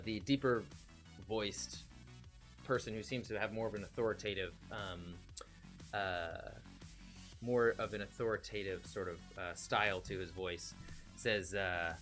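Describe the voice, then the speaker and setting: A man's voice: lowish voice, sharp tone. A man narrating as game master, with many fillers and restarts.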